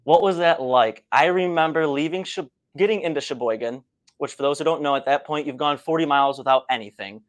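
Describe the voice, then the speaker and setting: A man hosting an interview, asking friendly questions and telling his own race story in a relaxed way. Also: fairly high pitch, a little fast. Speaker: podcast host, runner. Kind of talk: casual conversational interview.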